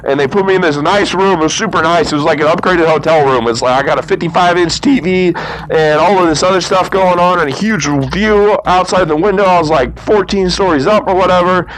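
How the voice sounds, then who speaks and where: A man's voice: high-pitched, a little fast, poor audio. A young man who tells a long story to camera in a loose, rambling way. He often laughs and acts out what he and others said. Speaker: motovlogger.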